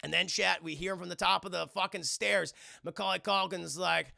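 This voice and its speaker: A young man chatting to his stream audience as he retells a film's scenes, animated and profane, bursting into silly voices. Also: high-pitched, fairly quick, creaky, no echo, studio quality. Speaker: streamer reviewing a film. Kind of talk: casual chat to a livestream audience.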